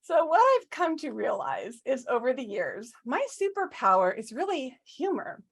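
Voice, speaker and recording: A woman giving a humorous storytelling speech at a club, animated and self-mocking, often asking the audience questions. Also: high voice, moderate pace, creaky, husky. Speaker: club speaker.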